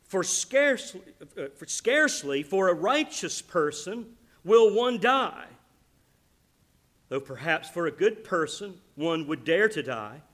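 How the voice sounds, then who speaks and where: A man preaching a sermon as pastor, earnest and emphatic, moving between quiet reflection and loud, stressed declarations. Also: sits high, sing-song, takes it slowly.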